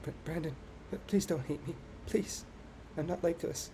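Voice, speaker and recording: A man voicing a shy, timid teenage schoolgirl in a game reading, speaking softly and stammering. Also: medium pitch, a little fast, a little hiss or hum, close to an everyday voice. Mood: distraught. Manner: soft, hesitant, stammering.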